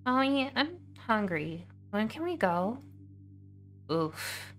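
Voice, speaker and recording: A woman's voice: fairly high pitch, sing-song, slow pace, a bit bright, soft background music. A woman streamer talking through a game in a chatty, candid way. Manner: chatty, candid, laughs easily. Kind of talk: casual let's-play commentary.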